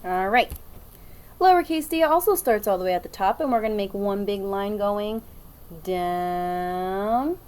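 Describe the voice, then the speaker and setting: A young adult woman teaching a children's phonics lesson in an upbeat, encouraging, slow sing-song way. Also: mid-range voice, a little mellow.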